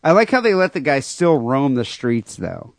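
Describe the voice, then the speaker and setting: A male podcast host with a middle-pitched voice, talking loosely and crudely and stopping often on "uh." The sound is dry and close to the mic. It is casual chat between friends. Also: sing-song, moderate pace, vocal fry, no room sound. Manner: rambling, many fillers, crude humor. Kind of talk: casual podcast chat, reading listener mail.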